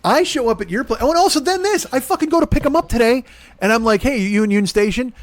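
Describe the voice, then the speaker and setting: High-voiced, animated comedian ranting, dry sound. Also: male voice, quick pace, no echo. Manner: profane, exasperated, acts out both sides of conversations. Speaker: podcast host.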